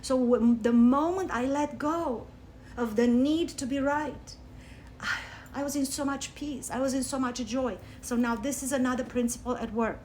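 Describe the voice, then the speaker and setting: A woman from Romania, teaching spirituality on a livestream through animated personal stories and emphatic swings down to soft asides. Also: sits high, moderate pace, slight background noise. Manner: animated, storytelling, emphatic with sudden soft drops. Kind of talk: live-streamed teaching talk with personal stories. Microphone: phone.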